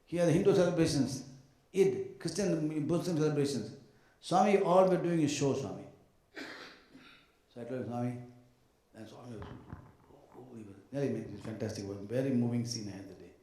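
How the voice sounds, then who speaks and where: A man giving a devotional talk to an audience of devotees, telling anecdotes in an animated way, mimicking other people and adding joking asides. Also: mid-range voice, fairly quick, pauses often. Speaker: speaker addressing devotees. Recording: echoey hall sound.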